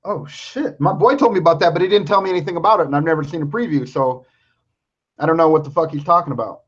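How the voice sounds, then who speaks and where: A man's voice: fairly high pitch, quick pace. A man hosting a podcast in casual chat, talking bluntly and swearing constantly. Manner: blunt and heavily profane. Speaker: podcast host. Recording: dull lo-fi recording.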